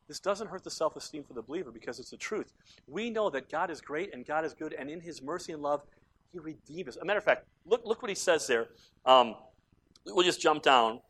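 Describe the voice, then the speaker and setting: A man preaching a sermon as pastor, moving between quiet, intimate passages and loud, fervent climaxes. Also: on the high side. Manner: impassioned preaching that swings between soft and loud.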